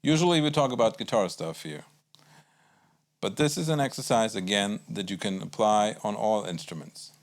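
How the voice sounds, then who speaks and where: A man teaching a guitar lesson in a calm, explanatory way, counting beats aloud as he plays. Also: lowish voice, moderate pace. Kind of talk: instructional music lesson.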